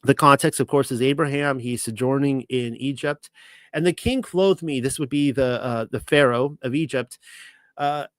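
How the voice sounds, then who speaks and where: A man's voice: medium pitch, moderate pace, no room sound. Rambling male Bible teacher, dry sound. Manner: rambling, many restarts and fillers. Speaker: ministry teacher.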